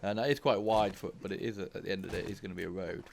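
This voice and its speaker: Male let's-play host, low and gravelly, casual thinking-aloud commentary with bursts of cursing. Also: racing, darkish tone, slight background noise. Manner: thinks aloud, grows frustrated and swears. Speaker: gaming channel host.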